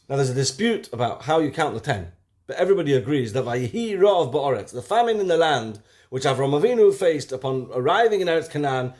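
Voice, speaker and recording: A man teaching a weekly Torah lesson, lively, asking rhetorical questions and swinging from loud to hushed. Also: a little high.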